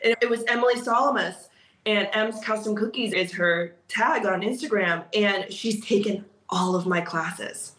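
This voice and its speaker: A woman, a guest who teaches cookie decorating, telling stories casually in an interview, animated and laughing often. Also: mid-range voice, normal speed. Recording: roomy echo.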